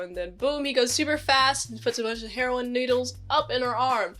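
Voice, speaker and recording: A woman's voice: a little high, moderate pace, hardly any pauses, bright, forceful tone, soft background music. A woman casually recapping a TV episode in a rambling, chatty way, acting out the characters' lines as she goes. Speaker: series reviewer.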